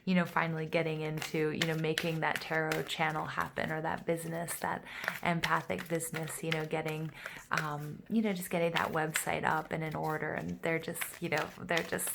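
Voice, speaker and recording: Gravelly, gushing female tarot reader. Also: deep voice, normal speed, noisy background. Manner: gushing, excitable, full of fillers. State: a little out of breath. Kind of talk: casual tarot reading to camera.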